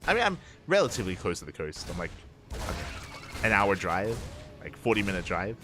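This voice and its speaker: Chatty low-voiced caster. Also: male voice, sing-song, fairly quick, over music. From Australia. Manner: chatty, rambling storyteller with restarts. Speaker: esports caster. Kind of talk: casual live commentary.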